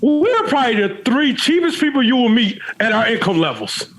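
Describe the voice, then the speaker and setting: High, lively-voiced joking man. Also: fairly quick. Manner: blunt, joking, slangy. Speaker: podcast co-host. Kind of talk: casual chat.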